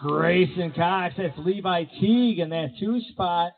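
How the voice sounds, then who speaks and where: A man announcing races live at an outdoor BMX track, with energetic play-by-play full of rider nicknames. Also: high-pitched, measured pace. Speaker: race announcer. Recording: tinny, phone-like sound.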